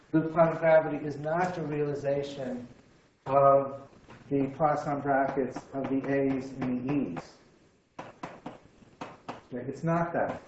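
A man's voice: medium pitch, a little mellow, slight background noise. A man giving a university physics lecture, thinking aloud and often stopping to restart his sentences. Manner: halting, repeats words, thinks aloud. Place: lecture room. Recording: echoey room, slightly dull sound.

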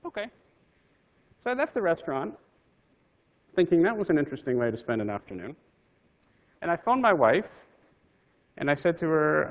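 A man's voice: on the high side, big pitch swings, moderate pace, long pauses, fairly bright tone. A physicist telling a wry anecdote from his career in a conversational talk to an audience.

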